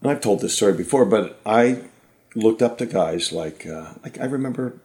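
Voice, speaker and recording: A man in his fifties from Ohio, a magician guest telling lively anecdotes in casual conversation. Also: fairly low pitch, normal speed. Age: 50s. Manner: animated anecdotes, mimics people he quotes. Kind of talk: casual storytelling.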